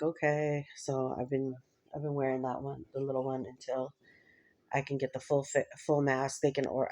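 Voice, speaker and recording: A woman's voice: extremely low pitch, darkish tone. A woman vlogger talking in a rambling, casual chat to camera, laughing often between thoughts.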